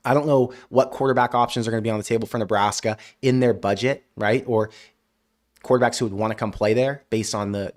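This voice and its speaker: A man hosting a live college football stream, reading viewer comments aloud and answering with animated rants. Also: medium pitch. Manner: ranting, animated outbursts; frequent "I don't know" hedging. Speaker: college football show host.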